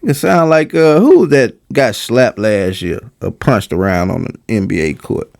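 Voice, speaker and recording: A man's voice: mid-range voice, lively intonation, measured pace, gravelly, a little mellow. A man giving casual reaction commentary on a clip. He is mocking and slangy and often restarts his sentences.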